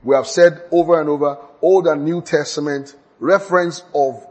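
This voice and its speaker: Male Bible teacher, slightly raised pitch, emphatic and repetitive, stumbles and restarts often. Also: steady tone, normal speed, a little mellow. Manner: repeats key points, stammers and restarts, laughs at own slips. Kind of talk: teaching sermon.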